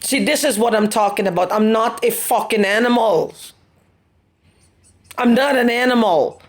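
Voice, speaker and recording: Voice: medium pitch, moderate pace. A person ranting angrily and repeating themselves into a camera. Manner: angry, rambling, repetitive questioning, swearing. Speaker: vlogger. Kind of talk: agitated personal video rant.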